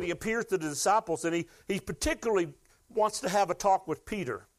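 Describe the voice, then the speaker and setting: A middle-aged man preaching a sermon in a conversational style, building to emphatic peaks and dropping to hushed asides. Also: sits high. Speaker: pastor.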